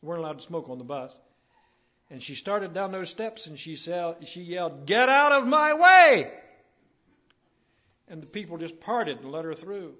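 Captured on a dull, lo-fi recording, this sermon comes from a man with a fairly high voice and a brisk delivery. He tells stories in a folksy manner, working up to emphatic declarations.

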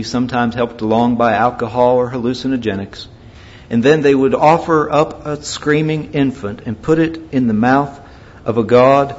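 Male preacher, mid-pitched, dynamic sermon delivery, dull lo-fi recording. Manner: dynamic, swings from loud emphatic to quiet grave.

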